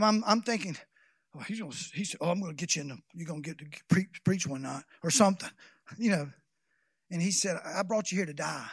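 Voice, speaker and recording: High-voiced preacher, folksy and rambling. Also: male voice, husky, dry recording, studio quality. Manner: folksy, rambling with restarts, building to shouted exhortation. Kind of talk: sermon.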